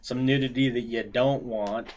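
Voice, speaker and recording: A man's voice: mid-range voice, steady tone, normal speed, a little mellow, slight background noise. A man hosting an anime review podcast, steering the talk in casual chat. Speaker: podcast host.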